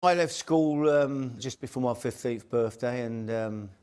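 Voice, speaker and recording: A man's voice: mid-range voice, a little slow, a little mellow, smooth. Chatty older man. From East End of London. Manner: chatty, leans on "you know". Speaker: former footballer. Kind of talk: reminiscing interview.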